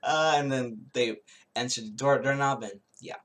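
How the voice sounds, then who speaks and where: A man giving a casual spoken tarot reading, rambling and halting, with many restarts and little chuckles as he recounts a show. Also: mid-range voice, fairly bright tone. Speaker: tarot reader.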